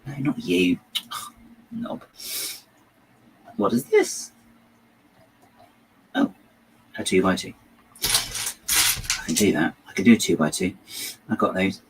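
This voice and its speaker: A man's voice: lowish voice, wildly swooping pitch, slow pace, gravelly, pauses often, slight background noise, low-quality recording. A man hosting a building channel, chatting casually and rambling as he works, often trailing off and muttering to himself. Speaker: LEGO building channel host. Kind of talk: casual chat while building.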